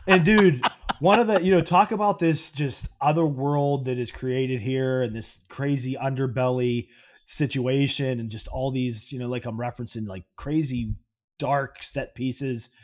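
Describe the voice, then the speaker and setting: A man co-hosts a podcast and talks about a film in an easy, laid-back way. He recaps the plot loosely, with lots of fillers along the way. His voice sits at a plain middle pitch. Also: steady tone, unhurried. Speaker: podcast co-host. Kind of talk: casual film discussion.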